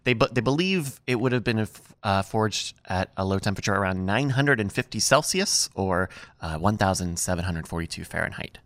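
A man hosting a casual podcast chat, explaining things in a relaxed way. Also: on the low side, brisk, no room sound. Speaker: podcast host.

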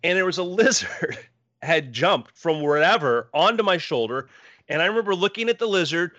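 A man with a bright, sharp voice that swings widely in pitch, telling an anecdote in casual chat and acting out the voices he quotes. The recording is dry and a little dull. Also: normal speed, dry recording. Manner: animated, acts out quoted voices.

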